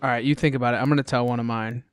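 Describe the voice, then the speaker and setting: A man hosting a podcast, telling lively, slangy stories in casual chat. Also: mid-range voice, rapid-fire, clean tone. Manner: animated, slangy storyteller. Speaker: podcast host.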